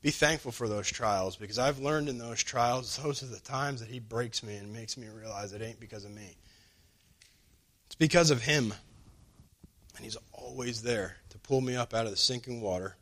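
A man preaching a sermon in a loose, everyday voice of middle pitch. He drops his pace to lean on key lines and springs upward when he voices other people in his stories. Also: moderate pace. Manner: conversational, acts out quoted dialogue with lively pitch jumps.

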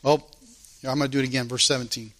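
A man preaching a sermon in a church as a pastor, swinging between loud emphasis and quiet asides, repeating phrases for emphasis. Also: medium pitch, flat delivery, fast talker. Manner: informal spoken grammar, repeats phrases for emphasis.

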